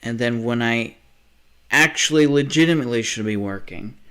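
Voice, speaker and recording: A man's voice: medium pitch, normal speed, a bit bright, smooth. Man ranting on a livestream. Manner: restless, self-interrupting, frequent restarts and trailing off. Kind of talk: rambling livestream rant.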